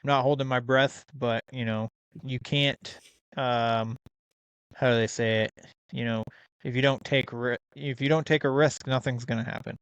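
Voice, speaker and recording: A man's voice: medium pitch, steady tone, normal speed, a bit bright, clear, resonant tone, dry recording. A man hosting a podcast, chatting in a casual, easygoing way, with plenty of ums and laughs. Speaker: podcast host. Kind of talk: casual interview chat.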